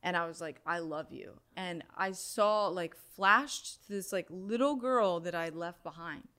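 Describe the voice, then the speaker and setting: A woman's voice: fairly low pitch, a little slow, smooth. Chatty young woman telling a story. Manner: animated storytelling with frequent "like". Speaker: guest, sound healer. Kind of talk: casual interview talk.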